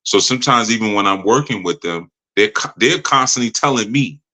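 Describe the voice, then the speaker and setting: Man, low pitch, bright forceful tone, spiritual teacher, slips into mimicked voices. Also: animated, rough recording. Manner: acts out other people's voices in quick quoted asides. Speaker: spiritual teacher leading a live study session. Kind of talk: live teaching with a call-in participant.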